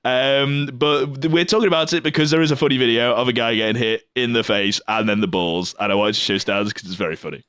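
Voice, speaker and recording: Brief: man, mid-pitched co-host, loose and rambling, dry close mic. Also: steady tone, quick pace, few pauses, fairly bright tone, clear, resonant tone, no echo. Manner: rambling, laughs between his thoughts. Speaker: podcast co-host. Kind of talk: casual chat.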